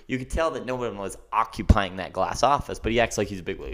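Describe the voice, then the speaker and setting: A man's voice: on the low side, a little fast. Ranting young man telling a story. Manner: ranting and animated, keeps asking "okay?". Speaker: podcast host. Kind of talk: casual storytelling monologue.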